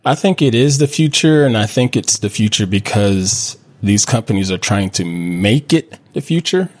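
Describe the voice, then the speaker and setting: A man guests on a casual tech chat, relaxed and good-humored. His voice sits fairly low. He talks easily and laughs readily. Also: moderate pace. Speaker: podcast guest.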